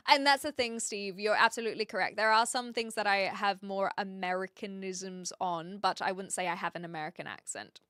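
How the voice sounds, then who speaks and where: A woman with a New Zealand accent chatting casually with viewers on a live stream, thinking aloud and often pausing to hunt for the right word. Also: medium pitch, sharp tone, smooth, no room sound, clean studio sound.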